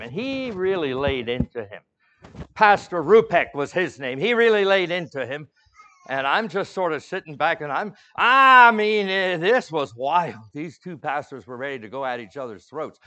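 A man's voice: fairly high pitch, expressive, normal speed, a little hiss or hum. Man preaching a sermon, dramatic swings. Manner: storytelling with big swings from hushed to loud. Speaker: pastor.

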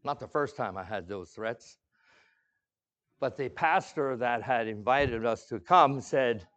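A middle-aged man preaches a sermon in a mid-range voice. He tells stories with sudden swings between quiet, soft lines and loud bursts. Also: medium pitch, measured pace, lo-fi sound. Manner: storytelling with big swings from hushed to loud. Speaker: pastor.

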